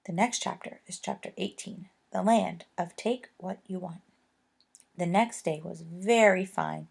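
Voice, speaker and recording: A woman reading a children's book aloud with gentle, expressive storytelling. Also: medium pitch, creaky, husky. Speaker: reader.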